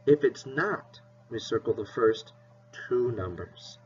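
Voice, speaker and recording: A man's voice: medium pitch, animated, measured pace, a little mellow, recorded from a distance. A male teacher giving a playful, encouraging math lesson to children. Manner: encouraging, playful, spells words out. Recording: dull lo-fi recording with faint hiss.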